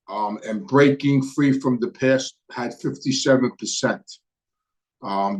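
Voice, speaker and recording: A middle-aged man with a Brooklyn accent, hosting a casual live stream and answering viewer questions in a relaxed, rambling way with many hesitant fillers. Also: mid-range voice. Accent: Brooklyn New York. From New York. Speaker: host.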